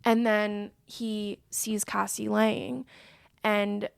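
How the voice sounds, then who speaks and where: A woman's voice: mid-range voice, level tone, very slow, creaky, clear, resonant tone, dry recording, studio quality. A woman co-hosting a casual film recap podcast, retelling scenes with animation and acting out the characters' lines. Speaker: podcast co-host.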